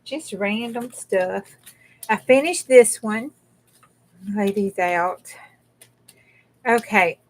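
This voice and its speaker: A woman's voice: medium pitch, fairly bright tone. Folksy woman chatting while crafting. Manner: rambling, folksy, greets viewers by name. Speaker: craft livestream host. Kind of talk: casual chat while crafting.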